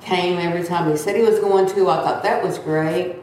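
Older woman, seventies, casual testimony, slightly low pitch, heard from across an echoey room. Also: fairly even intonation, a little fast, darkish tone, slight background noise. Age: 70s. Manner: chatty, acts out quoted voices. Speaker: church member sharing a testimony. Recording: echoey room, distant mic.

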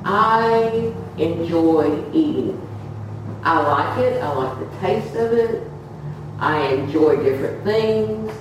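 A woman gives an informal testimony sermon to a congregation, telling stories in a chatty way and laughing through them. Her voice is mid-range, recorded far from the mic in an echoey hall with a noisy background.

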